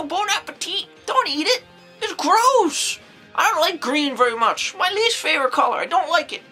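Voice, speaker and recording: Lady doing a kooky old nun reviewing horror flicks, super high squeaky voice, bright and piercing, rambles and exclaims a lot. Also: creaky, full character voice, low-quality recording. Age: older. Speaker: movie reviewer. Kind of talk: comedic character monologue.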